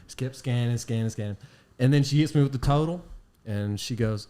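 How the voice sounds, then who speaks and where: A man's voice: mid-range voice, a little fast. Man telling a rambling story. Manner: rambling, animated anecdote with laughs. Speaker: podcast host. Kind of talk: casual storytelling chat.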